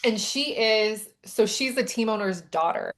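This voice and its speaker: A woman co-hosting a relaxed chat, walking through a scene from her book with lively, acted-out dialogue. Her voice sits in an ordinary middle pitch, and she peppers every sentence with "like.". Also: a little slow. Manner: animated storytelling with frequent "like" and quoted dialogue. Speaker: podcast co-host and romance author. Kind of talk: casual chat.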